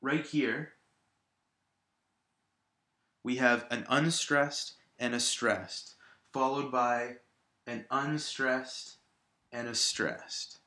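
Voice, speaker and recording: A man's voice: mid-range voice, fairly even intonation, slow, sharp tone, roomy sound. A male teacher patiently explaining a lesson, repeating examples aloud to stress each syllable. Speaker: high school English teacher. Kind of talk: recorded video lesson.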